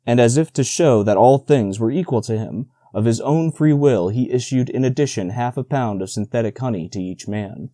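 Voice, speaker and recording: Dry, mellow male audiobook narrator. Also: mid-range voice, moderate pace, hardly any pauses, no room sound. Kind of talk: scripted narration.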